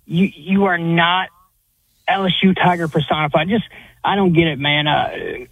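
Male caller, high husky voice, heated, exasperated, phone-line sound. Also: steady tone, moderate pace, no echo. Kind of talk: call-in sports talk. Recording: dry tinny phone line.

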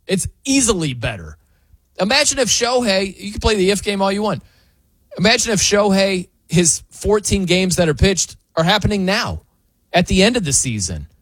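A man's voice: sits high, very animated, normal speed, fairly bright tone, no room sound. A man hosting a sports talk show, ranting emphatically and incredulously, with laughs between points. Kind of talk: opinionated sports commentary.

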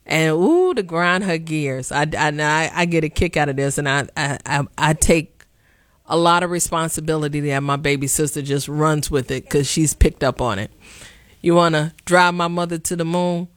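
A woman's voice: sits low, moderate pace, no room sound, studio quality. A woman hosting a podcast, giving casual political commentary with sarcastic, playful asides. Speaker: podcast host.

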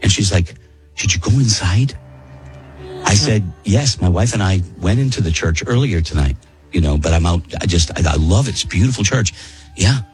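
A man's voice: low-pitched, lively intonation, brisk, a little mellow, faint music behind, rough recording. A man casually telling a story to friends on a podcast, rambling and restarting his sentences. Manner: rambling, self-interrupting, repeats words while telling.

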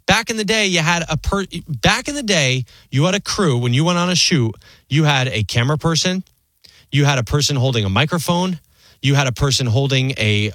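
A man in his forties hosts a radio talk show, his pitch swinging widely as he riffs and throws out rhetorical questions. The studio mic sounds close and dry, with no room behind him. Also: no echo. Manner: animated, conversational, rhetorical questions.

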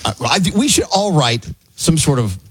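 A man's voice: on the high side, sing-song, moderate pace, slight background noise. A man hosting a radio show, bantering playfully with his co-hosts. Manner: playful, jokey. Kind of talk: casual morning radio banter.

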